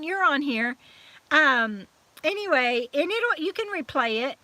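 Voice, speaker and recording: Woman saying bye on her livestream, high bright voice, lots of ums, kinda teary, dry sound. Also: lively intonation, a little slow, dry recording. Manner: chatty and affectionate, reading out viewer comments with many fillers. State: emotional, recently crying. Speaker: vlogger hosting a live chat. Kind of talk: casual live-stream sign-off chat.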